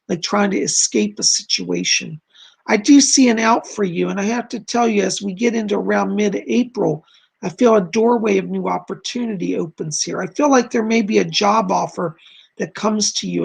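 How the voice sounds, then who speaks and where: A man reads out viewer questions and answers them as a psychic on a live stream. His voice is heavily gravelly and a little husky, and it is wearing hoarse. He speaks in a gentle, reassuring, chatty way. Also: high-pitched. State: losing his voice. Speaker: psychic doing live readings.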